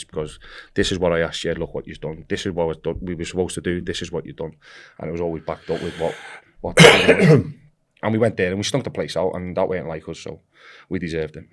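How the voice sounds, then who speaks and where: A man guesting on a football podcast, telling a rambling story casually and acting out the voices of the people in it. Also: sits low. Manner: animated, acts out quoted voices; rambling with restarts.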